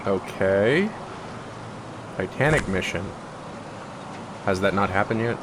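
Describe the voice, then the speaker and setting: A man's voice: on the low side, lively intonation, slow pace, background noise. A man casually commenting as he plays a game, reading on-screen text aloud. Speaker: let's-play host.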